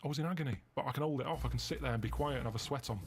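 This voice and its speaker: A man in casual chat, telling rambling deadpan stories. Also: mid-range voice, racing, a little hiss or hum. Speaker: podcast guest.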